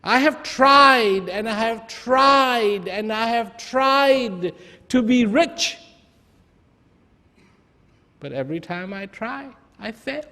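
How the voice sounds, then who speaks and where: A man voicing a poor grown man who weeps and complains about his bad luck in a wailing, drawn-out way. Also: mid-range voice, warm tone, pitched below the performer's own voice, lightly acted. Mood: self-pitying. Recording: long hall reverb.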